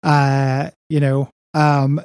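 Guy with a dark mellow voice, dry sound, rambling on a podcast, lots of you know. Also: mid-range voice, little pitch movement, drawn-out words, clean tone, dry recording. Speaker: podcast co-host. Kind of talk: casual chat recapping a comic book.

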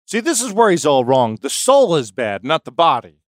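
A man co-hosting a casual podcast, trading playful quick jokes. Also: on the high side, big pitch swings, no echo, clean studio sound. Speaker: podcast co-host.

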